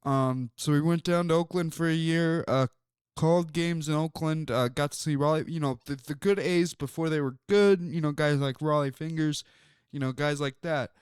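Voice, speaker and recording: A man's voice: a little high, normal speed, a little mellow, clear, resonant tone, no room sound, studio quality. A man hosting a sports talk show, telling stories in a rambling way with many fillers. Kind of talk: casual sports talk monologue.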